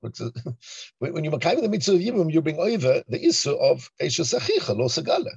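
A man teaching a Torah class in an animated, emphatic way, often asking rhetorical questions. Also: a little high, brisk, vocal fry, husky, dry recording. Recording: dull lo-fi recording.

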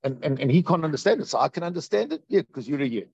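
A man teaching a Torah class as a rabbi, animated and repeating phrases for emphasis. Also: on the high side, rapid-fire, gravelly, breathy edge, no echo, muffled recording. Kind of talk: Torah class on Tisha B'Av.

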